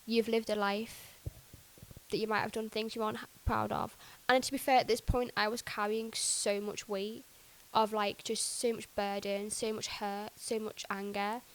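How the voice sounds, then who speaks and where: A woman's voice: mid-range voice, flat delivery, moderate pace, rough recording. A young woman tells her faith story as a podcast guest, chatty and full of "like", acting out what she once said. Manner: chatty, fillers of "like", acts out her own past words. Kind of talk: personal faith testimony.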